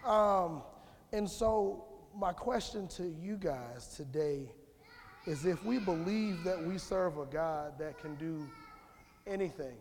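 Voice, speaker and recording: A man's voice: fairly high pitch, slow pace, darkish tone, a little hiss or hum. A man giving an informal, conversational sermon in church, rambling with restarts and calling on the congregation. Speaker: lay speaker giving a church message. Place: church sanctuary. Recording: long church hall reverb.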